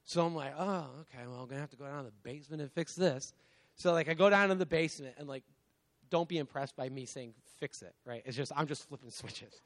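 A man's voice: on the high side, fast, a bit bright. A man in his thirties, who has young children, giving a casual, conversational sermon, peppering it with "like" and "right?" and laughing at himself. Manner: conversational, lots of "like" and "right?", self-mocking laughs. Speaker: guest preacher.

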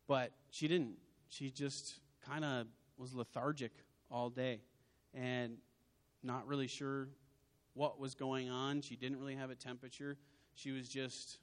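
Man giving an emotional testimony in a hall. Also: mid-range voice. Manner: emotional, swelling to forceful outbursts. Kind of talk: sermon testimony. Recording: long hall reverb.

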